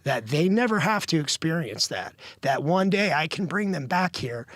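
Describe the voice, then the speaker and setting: A man speaking as a guest correspondent in a news interview, earnest and halting with frequent restarts. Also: fairly high pitch, expressive, fairly bright tone, no room sound, clean studio sound. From United States.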